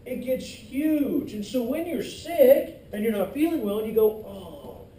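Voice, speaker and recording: A man teaching an anatomy class in a lively, joking way, teasing his students as he goes. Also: very high voice, moderate pace. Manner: lively, jokey, teases students. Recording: echoey classroom, distant mic, faint hiss.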